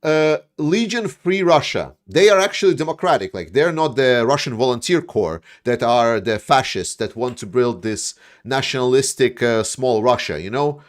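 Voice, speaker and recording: A man's voice: mid-range voice, expressive, moderate pace, few pauses. A man hosting a livestream, ranting in heated, profane commentary with a Ukrainian accent, reading viewer questions and stumbling over restarts. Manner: heated, profane, restarts and mocking quoted voices. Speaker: livestream host.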